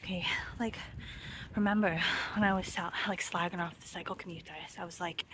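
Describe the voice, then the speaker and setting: A woman's voice: on the low side, fairly even intonation, a little fast, fairly bright tone, slight background noise. A woman vlogger telling a travel story in casual, rambling chat, full of "like" and "um," sometimes dropping to a near whisper. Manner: rambling, chatty, full of 'like' and 'um', slips into quoted voices; drops to a near whisper at times.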